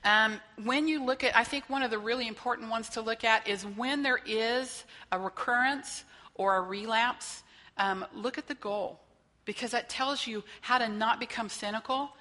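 A woman's voice: a little high, moderate pace, bright, forceful tone, big-room sound. A woman trainer leading a faith-based teaching session, talking conversationally and checking in with her listeners as she goes. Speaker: workshop trainer.

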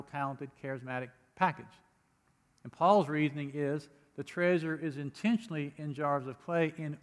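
With a long hall reverb around him, a pastor delivers an earnest, emphatic sermon, his somewhat high, slightly bright voice surging upward on key phrases. Now and then he slips in light humor between readings.

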